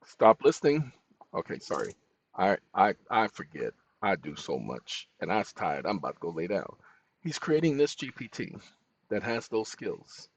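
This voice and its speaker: A man's voice: low voice, sing-song, normal speed, breathy edge. A man hosting a tutorial, dictating prompts aloud with spoken punctuation between loose, chatty asides. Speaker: channel host. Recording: dull lo-fi recording.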